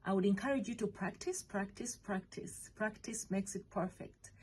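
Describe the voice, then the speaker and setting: A woman's voice: medium pitch, moderate pace, darkish tone, a little hiss or hum. A woman teaching a spoken language lesson, patiently spelling words out letter by letter and checking in with the learner.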